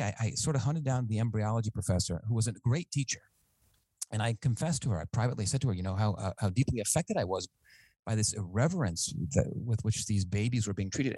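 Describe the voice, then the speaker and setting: A man, a physician and author, telling his story as a guest in a radio interview, earnest and measured with small restarts. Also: fairly low pitch, a little mellow, no room sound, low-quality recording.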